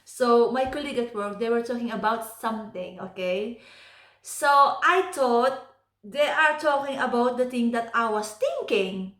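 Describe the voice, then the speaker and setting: A woman with a Filipino accent tells stories for her vlog, her voice pitched a little high. She talks in an animated way and laughs often between points. The sound bounces around an echoey room. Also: unhurried. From Philippines. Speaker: vlogger. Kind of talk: casual storytelling vlog.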